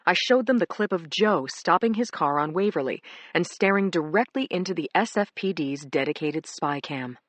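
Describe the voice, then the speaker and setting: Low-voiced woman narrating a crime thriller. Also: no room sound. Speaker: audiobook narrator.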